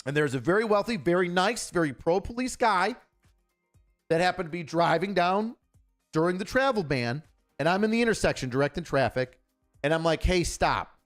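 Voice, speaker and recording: A man talking bluntly and swearing freely, as a former officer running a casual livestream. His voice sits high for a man and swings widely up and down. Faint music plays behind him. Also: lively intonation, fairly quick. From Buffalo, New York. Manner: blunt, profane, storytelling with acted dialogue. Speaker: retired police officer commentating news.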